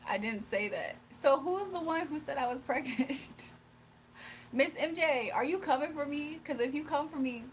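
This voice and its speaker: A young woman with a high-pitched voice talks at normal speed on her livestream, reading out chat messages. She's playful, laughing a lot and teasing viewers, with slight background noise behind her.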